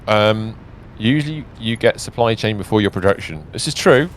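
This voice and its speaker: A man's voice: lowish voice, animated, moderate pace, a little hiss or hum. A man hosting a game livestream, chatting casually and thinking aloud while he builds. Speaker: streamer host. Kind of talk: casual gaming chat.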